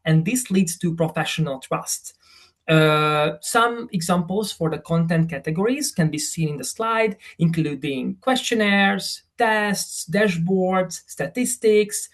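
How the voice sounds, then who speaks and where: Hesitant man presenting in a webinar. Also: a little high. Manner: hesitant, with many fillers. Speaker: association presenter.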